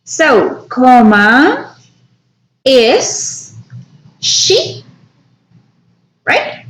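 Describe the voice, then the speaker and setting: A woman teaching an English grammar lesson, explaining slowly and checking in with "right?" after each point. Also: high voice, very animated, fairly bright tone. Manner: slow, explanatory, frequent tag "right?". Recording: echoey room.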